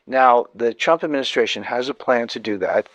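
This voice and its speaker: A man of mid pitch talks as an interview guest. He hammers his main points by repeating them and restarts sentences as he explains, all in a dry, close sound with no room echo. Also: moderate pace, fairly bright tone, highs cut off. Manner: emphatic, repeats key points, frequent restarts. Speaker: interview guest, economic commentator.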